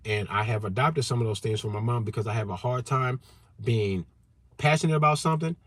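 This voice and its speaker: A man hosting a livestream rant from his car, loud and animated, cussing heavily and repeating himself to drive points home. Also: mid-range voice, brisk, no echo. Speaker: channel host.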